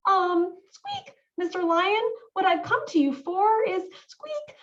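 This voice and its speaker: A woman doing a squeaky, timid little mouse. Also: expressive, measured pace, fairly bright tone, recorded from a distance, exaggerated voice. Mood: nervous. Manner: stammering, squeaky. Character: timid tiny male mouse, nervous and polite. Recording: dull lo-fi audio.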